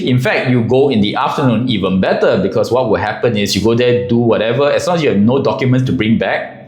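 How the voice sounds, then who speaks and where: A man's voice: medium pitch, slight background noise. Guy telling an army story, acts stuff out, mid voice, echoey room. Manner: animated, acts out voices and gestures. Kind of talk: casual anecdote to camera.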